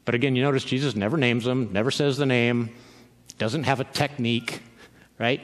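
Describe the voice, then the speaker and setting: A pastor preaches a sermon conversationally, often checking in with listeners by asking "right?" His mid-range, fairly bright voice moves at normal speed, and the recording carries a large hall's long reverb.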